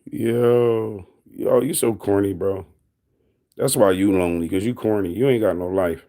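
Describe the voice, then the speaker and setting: A man's voice: fairly low pitch, unhurried, dark tone. A man on a casual livestream, reading and answering his chat in a teasing, mocking way, laughing often.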